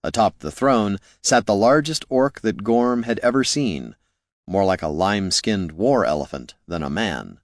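A man reading fantasy fiction as an audiobook narrator in steady storytelling style. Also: on the low side, measured pace, no room sound, clean studio sound.

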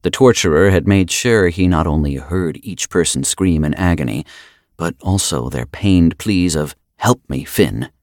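A man narrating a dark audiobook chapter in a grave, measured manner. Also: low voice, dry recording, studio quality. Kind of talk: scripted narration.

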